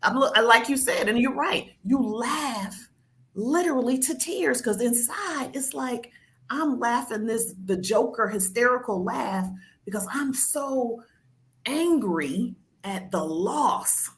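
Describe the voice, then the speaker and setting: A woman speaking on a church panel, emphatic and preacherly. Her pitch swoops widely as she drives each point home, animated and lively. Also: takes it slowly.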